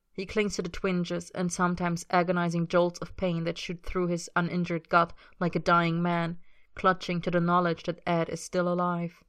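Low-voiced woman reading a story aloud. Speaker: story reader. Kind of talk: audiobook-style fiction reading.

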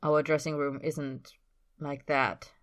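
Lady doing a worn out careful team captain guy, low and short with it. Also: flat delivery, takes it slowly. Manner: careful, tired, clipped. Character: weary older male team captain, guarded.

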